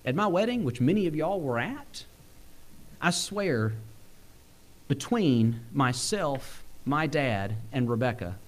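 A young man with a drawl preaches a sermon while fighting off a cold. His voice jumps up and down in pitch and speed, and he laughs lightly as he makes his points. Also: slow. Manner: animated, swings pitch and pace, chuckles often. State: sick, using cough drops.

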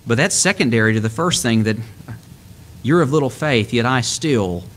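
A man's voice: medium pitch, animated, brisk, fairly bright tone, slight background noise. A middle-aged man preaching a sermon, explaining scripture earnestly and lifting his voice when he quotes it.

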